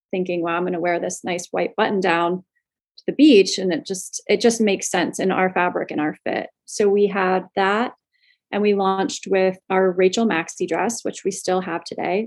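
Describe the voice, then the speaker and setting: A woman from Florida talks about starting her clothing line in a relaxed interview. Her pitch sits in a middle range, and she tells her stories in a loose, animated way, full of fillers and quick laughs. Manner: chatty, animated, laughs often, many fillers. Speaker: clothing brand co-founder. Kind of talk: casual interview storytelling.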